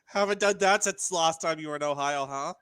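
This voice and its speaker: A young man co-hosting a podcast, chatting casually in an excitable way, swearing freely. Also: a little high, brisk, smooth, dry recording. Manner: excitable, swears, big laughs. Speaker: podcast co-host. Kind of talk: casual chat.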